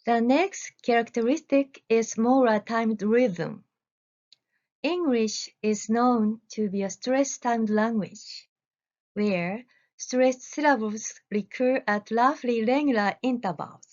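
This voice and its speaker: A woman researcher giving a recorded academic presentation, reading deliberately with careful pauses. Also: a little high, darkish tone, lo-fi sound.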